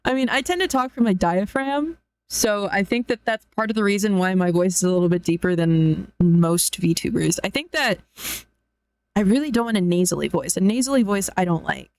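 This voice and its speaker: A woman's voice: mid-range voice, normal speed, a little mellow, no room sound. Blunt young woman streamer, dry close mic. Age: young adult. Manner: blunt, swears freely. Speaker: VTuber streamer. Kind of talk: casual live stream chat.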